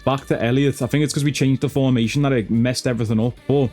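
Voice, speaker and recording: Over soft background music, a man provides slangy commentary on his football game, swearing a lot and calling everyone "lad." He's a gaming YouTuber with a slightly mellow, mid-range voice, fairly even intonation and a quick pace.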